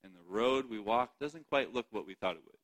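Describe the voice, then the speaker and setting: A man's voice: fairly low pitch, expressive, fairly quick, a bit bright, poor audio. A man giving a sermon, reading scripture and chatting to the congregation with frequent laughs and "right?" asides. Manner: chatty, laughs often, asks the audience "right?". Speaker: preacher.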